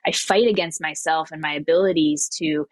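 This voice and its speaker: Low-voiced reflective woman guest. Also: fairly even intonation, fairly quick, no echo. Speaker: podcast guest. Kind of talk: casual interview chat.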